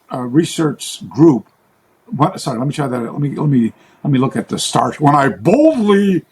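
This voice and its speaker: A man's voice: fairly high pitch, slightly rough. A man, a karate teacher and researcher, telling long rambling stories in an interview, often restarting his sentences and acting out the voices of others. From Western. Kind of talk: interview storytelling.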